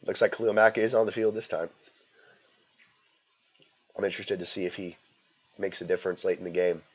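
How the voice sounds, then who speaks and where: A man's voice: deep voice, fairly even intonation, brisk, slightly rough. A man doing casual, joking commentary on a game, talking in a rambling, easygoing way. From rural US. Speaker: play-by-play commentator. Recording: dull lo-fi audio.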